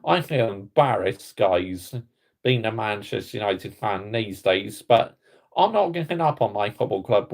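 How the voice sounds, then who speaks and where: A man's voice: mid-range voice, vocal fry, a little mellow. A man from Somerset with a West Country accent, hosting his own football fan channel and delivering an indignant, blunt reaction rant. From Somerset, England. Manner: indignant, blunt, repetitive catchphrases. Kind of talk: ranting reaction vlog.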